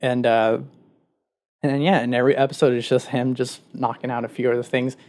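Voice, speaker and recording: A man's voice: mid-range voice, flat delivery, brisk, a little mellow. A man co-hosting a podcast, retelling a story in a casual, rambling way with many filler words. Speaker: podcast co-host. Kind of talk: casual chat.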